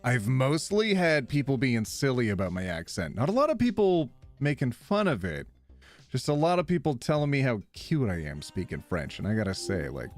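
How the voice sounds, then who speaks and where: A man live streaming, chatting casually with viewers, reading their messages aloud and laughing often. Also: mid-range voice. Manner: animated, reads chat aloud and laughs a lot.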